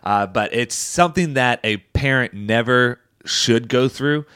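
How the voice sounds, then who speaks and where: A man's voice: medium pitch, unhurried, fairly bright tone, clean tone, no echo, clean studio sound. A young man co-hosting a podcast, chatting casually, laughing often and restarting his sentences. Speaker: podcast co-host. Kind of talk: casual chat.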